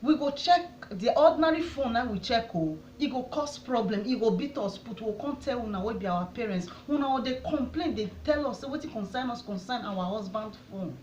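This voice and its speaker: A woman's voice: fairly high pitch, lively intonation, fairly quick, few pauses, darkish tone, slight background noise. A woman from Edo State with a Nigerian accent, pleading and indignant, firing rhetorical questions straight to the camera as a vlogger. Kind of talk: impassioned address to camera. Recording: echoey room, dull sound.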